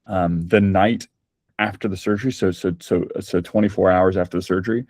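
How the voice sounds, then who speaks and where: Man, candid storyteller, slightly low voice, dry close sound. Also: fairly even intonation, brisk, a little mellow, no room sound. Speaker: podcast guest. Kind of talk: casual conversation.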